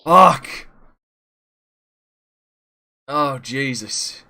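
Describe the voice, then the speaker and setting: A man hosting a casual podcast, rambling, swearing freely and often breaking into loud laughter. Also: medium pitch, animated, extremely slow. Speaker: podcast host.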